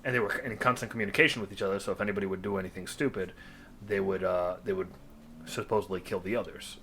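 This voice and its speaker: A man's voice: low-pitched, quick pace, a little hiss or hum. A man hosting a podcast, telling stories at ease and asking curious questions. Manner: relaxed storyteller, curious questions. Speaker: podcast host. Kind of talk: casual podcast chat.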